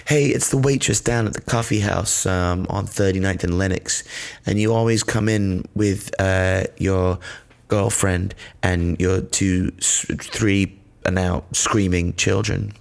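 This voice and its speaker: Chatty, teasing young waitress on a phone call , put on by a man with a deep, gravelly voice nudged upward. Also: steady tone, a little slow.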